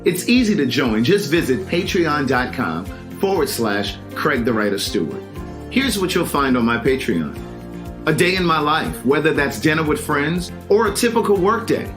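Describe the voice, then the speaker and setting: Guy hosting, bit high voice, faint music behind, chatty phone live outside. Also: very animated, normal speed. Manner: showy, preacher-like cadence in intros, loose chatty on live. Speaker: host. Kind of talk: scripted promo and casual live stream. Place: friend's house, backyard.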